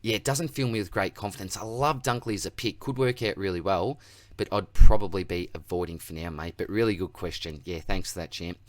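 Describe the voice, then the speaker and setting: An Australian man hosting a casual Q&A that answers viewer comments, with a relaxed, matey manner, calling everyone mate and buddy. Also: low-pitched, brisk, no room sound. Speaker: fantasy football channel host.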